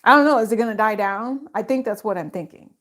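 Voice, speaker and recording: A woman's voice: on the high side, quick pace, a bit bright. A middle-aged woman giving a casual, rambling psychic tarot reading, full of fillers and self-interruptions.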